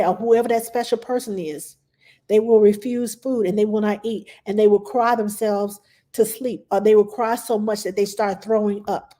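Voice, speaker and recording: A middle-aged woman, a nanny, giving passionate advice in a casual talk, sometimes acting out parents and children in a higher voice. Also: moderate pace. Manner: passionate, animated, acts out quotes in a high voice.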